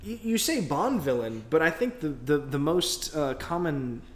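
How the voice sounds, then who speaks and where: A man's voice: a little high, expressive, a little slow. A man chatting casually, rambling and searching for his words. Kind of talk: casual chat. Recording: echoey room with faint noise.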